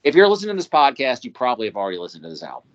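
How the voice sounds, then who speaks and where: A man hosts a relaxed music podcast, mid-pitched and rambling, piling up enthusiastic asides and casual swearing. His voice comes through slightly dull, lo-fi podcast audio. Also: racing. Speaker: podcast host.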